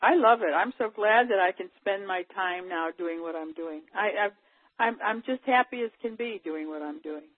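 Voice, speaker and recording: A woman's voice: medium pitch, normal speed, no room sound. A woman chatting as a guest in a casual phone conversation, talking in a rambling, chatty way. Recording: tinny phone line.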